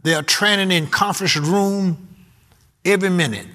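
A man's voice: sits high, moderate pace, sharp tone. A man preaching a sermon, reading scripture aloud and repeating his key words with emphasis.

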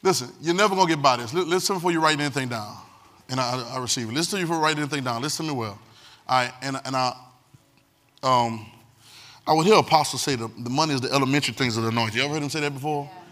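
A man's voice: medium pitch, rapid-fire, a bit bright. A man a sermon as pastor, emphatic and repetitive, calling on the congregation to listen. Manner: emphatic, repetitive preaching with call-and-response.

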